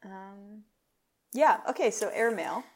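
A chatty woman co-hosting a podcast, telling the story of a show in a loose, joking way. Her voice sits in an ordinary middle pitch, and she keeps dipping into short put-on voices for the people in the story. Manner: chatty, playful, acts out scenes in quick put-on voices. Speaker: podcast co-host. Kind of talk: casual chat, recapping a show.

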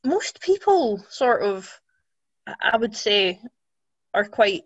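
A woman's voice: medium pitch, very animated, takes it slowly, dry recording. Young Scottish woman guest, chatty and rambling, dry muffled recording. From Scotland. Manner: chatty, rambling, many restarts. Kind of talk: casual chat.

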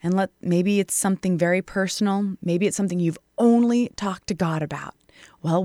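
A woman hosting a devotional podcast, teaching from scripture in an earnest, emphatic way and reading verses slowly. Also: mid-range voice, darkish tone, dry recording, clean studio sound. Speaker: podcast host and Bible teacher.

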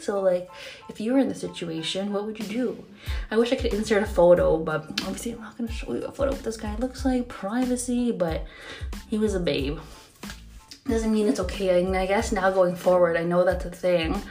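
A woman's voice: medium pitch, brisk, a little mellow, faint music behind. A young woman hosting her own podcast, telling a story in a chatty way with many fillers and frequent laughs. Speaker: podcast host. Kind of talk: casual storytelling monologue.

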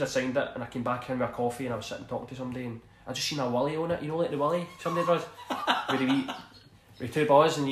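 A man's voice: medium pitch, fairly bright tone, roomy sound, a little hiss or hum. A Scottish man in his thirties, a former footballer, telling rambling stories in a casual interview and laughing often. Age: 30s. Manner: rambling, laughs often, says "do you know what I mean". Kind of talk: casual storytelling.

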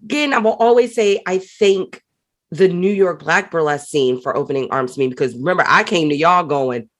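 A woman's voice: fairly low pitch, fairly quick. A woman hosting a casual chat about performing, talking animatedly and expressively and laughing often.

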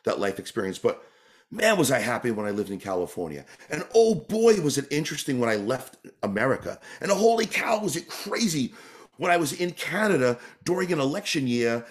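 A man's voice: mid-range voice, sing-song, a little fast. Earnest, rambling man from New York. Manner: earnest, rambling, with frequent restarts. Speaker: interview guest, tap dancer and entertainer. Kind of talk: reflective casual interview answer.

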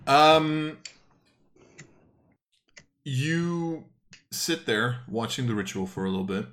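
A man's voice: medium pitch, lively intonation, slow, fairly bright tone. A man narrating as game master of a tabletop game, rambling and hesitant, with many fillers and self-corrections.

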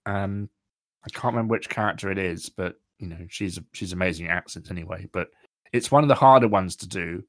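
A man's voice: low-pitched, a little fast, dry recording, studio quality. A man from England, a guest, chatting casually on a podcast with lots of fillers. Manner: chatty, filler-heavy, rambling. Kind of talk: casual chat.

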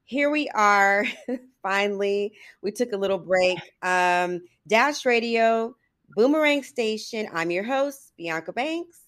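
A woman's voice: mid-range voice, expressive, slow pace, fairly bright tone. A middle-aged woman hosting a podcast, chatting casually with many "like"s and "you know"s and laughing often. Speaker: podcast host. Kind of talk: casual chat.

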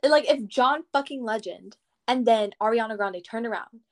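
Playful higher-voiced young woman. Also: moderate pace. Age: young adult. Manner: playful, dramatic, teasing. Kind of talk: casual chat.

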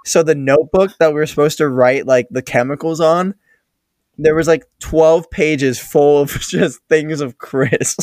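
A man's voice: on the high side, a little slow, darkish tone, no echo, studio quality. A young man casually telling a rambling story about a past summer job on a podcast. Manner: loose, rambling, swears casually. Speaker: podcast co-host.

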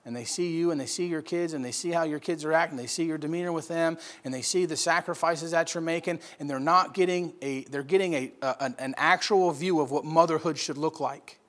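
A man preaching a sermon, swinging from loud emphatic bursts to quiet storytelling. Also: a little high, a little fast, few pauses. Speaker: pastor.

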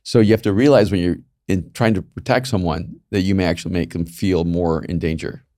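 A man in casual podcast chat giving thoughtful, measured feedback, with the odd "um". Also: low-pitched, steady tone, warm tone, dry recording, studio quality.

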